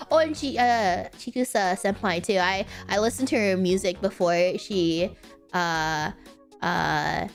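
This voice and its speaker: A woman's voice: mid-range voice, unhurried, gravelly, faint music behind. A woman streamer in casual chat who rambles, giggles and keeps correcting herself mid-sentence.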